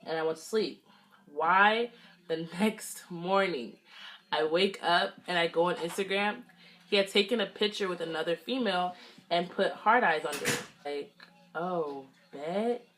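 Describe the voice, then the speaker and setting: A woman's voice: lowish voice, a little slow, fairly bright tone, slight background noise. A young woman vlogger from the Los Angeles area, chatting casually through a storytime while getting ready, acting out quoted lines. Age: young adult. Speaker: beauty vlogger.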